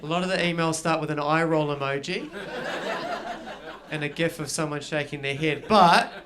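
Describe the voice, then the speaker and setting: A middle-aged man with a New Zealand accent doing stand-up comedy, telling stories with animated delivery and acting out characters. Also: fairly high pitch, normal speed, noisy background. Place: garage venue with live audience.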